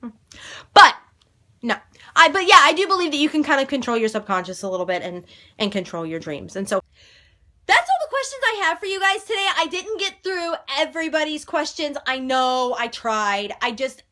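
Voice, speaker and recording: Bright high-voiced bubbly woman vlogger. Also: sing-song, brisk. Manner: loud and bubbly, swears playfully. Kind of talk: casual chat to camera.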